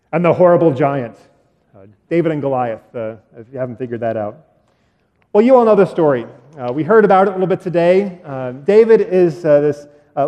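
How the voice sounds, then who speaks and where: A pastor retelling a story in a sermon, animated and acting out sound effects, with fillers along the way. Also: male voice, fairly high pitch, lo-fi sound. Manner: animated, acts out sounds and voices. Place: church. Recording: echoey church hall.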